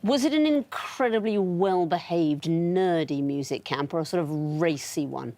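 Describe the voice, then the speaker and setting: Brief: woman quizmaster, lowish voice, dry and teasing, TV studio. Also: normal speed, darkish tone. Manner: dry, witty, lightly teasing. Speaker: quiz show host. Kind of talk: hosting a TV quiz.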